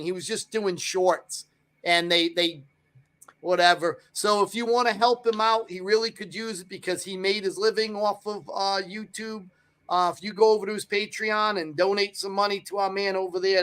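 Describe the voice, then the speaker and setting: A man speaks on a casual live stream, announcing news to the viewers and then handing over to the hosts. His voice sits high. He talks in a plain, practical way. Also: fairly even intonation, moderate pace, fairly bright tone, smooth.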